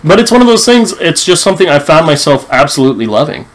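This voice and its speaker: Young man in a relaxed chat. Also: fairly high pitch, quick pace, over loud music. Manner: relaxed, gives short agreeing replies. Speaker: podcast co-host. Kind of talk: casual chat.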